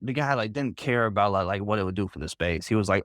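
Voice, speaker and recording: A man with a fairly low voice tells a long story as a guest on a group voice call. He rambles casually, fills his sentences with "like" and "bro", and keeps restarting them. The sound is dry, with almost no room echo. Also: fast, few pauses, a bit bright. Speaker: interview guest.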